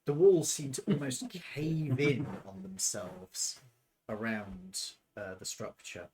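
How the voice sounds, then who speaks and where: A man serving as game master, describing scenes in a relaxed, descriptive way. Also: on the low side, takes it slowly. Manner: descriptive, relaxed, with filler ums. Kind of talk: narrating a tabletop game.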